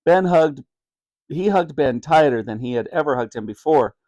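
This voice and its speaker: Animated man reading a storybook. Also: a little high, normal speed, no echo, lo-fi sound. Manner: animated, expressive. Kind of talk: reading a children's book aloud.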